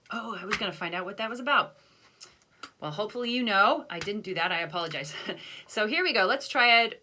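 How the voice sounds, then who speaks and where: A woman's voice: medium pitch, bright, forceful tone, slight background noise. A woman band teacher recording a video lesson, counting off beats and explaining patiently with self-deprecating asides.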